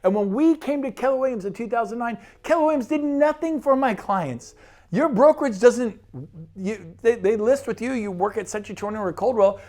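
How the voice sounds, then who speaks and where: Man, high voice, enthusiastic, persuasive, real estate broker, sales pitch. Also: a little mellow. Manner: enthusiastic, persuasive, rapid lists.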